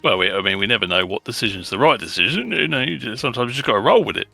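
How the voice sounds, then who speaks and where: Man at a tabletop game, gravelly, very bright tone, blunt and joking. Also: mid-range voice, expressive, rapid-fire, soft background music. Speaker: player. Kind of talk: tabletop role-play.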